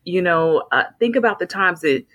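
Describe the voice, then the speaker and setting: A woman's voice: lowish voice, animated, normal speed, a bit bright. A woman speaking as a guest in a casual conversation, explaining her points thoughtfully.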